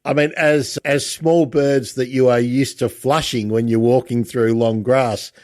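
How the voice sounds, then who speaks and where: A man's voice: mid-range voice, fairly even intonation, measured pace, darkish tone. An older man hosting a podcast, asking questions in a friendly, conversational way. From Australia. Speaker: podcast host. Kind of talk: casual interview talk.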